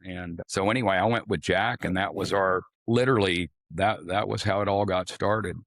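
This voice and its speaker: A man's voice: low voice, steady tone, moderate pace, fairly bright tone, no room sound, studio quality. Older man telling folksy stories. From Arkansas. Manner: folksy, rambling anecdotes with casual swearing. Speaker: guest, former swim coach. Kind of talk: storytelling in a podcast interview.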